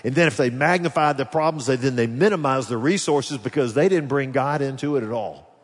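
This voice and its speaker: A man preaching a sermon as pastor, animated, swinging between loud rises and quiet drops as he voices the people's complaints. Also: medium pitch, brisk, breathy edge. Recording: long hall reverb.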